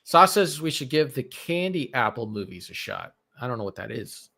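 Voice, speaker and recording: Man, casual podcast co-host, halting and rambling delivery, mid pitch. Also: very animated, vocal fry, pushed and bright. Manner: rambling, halting, many restarts. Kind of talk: casual chat about movies.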